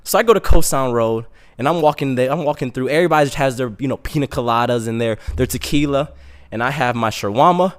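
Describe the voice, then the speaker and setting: A young man telling a comic story in a casual, animated, self-mocking way. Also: mid-range voice, quick pace.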